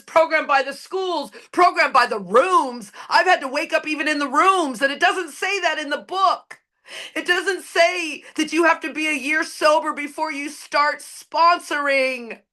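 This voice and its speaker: A woman's voice: high-pitched, a little slow, sharp tone. A woman speaking at a recovery meeting, giving an impassioned, preachy share with blunt, profane emphasis. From Canada. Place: recorded at an online meeting.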